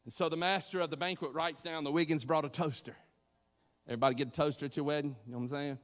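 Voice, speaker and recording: Man, pastor, sermon, animated, conversational, slightly high voice, long hall reverb. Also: very fast. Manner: animated, conversational, acts out voices and jokes with the congregation. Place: church.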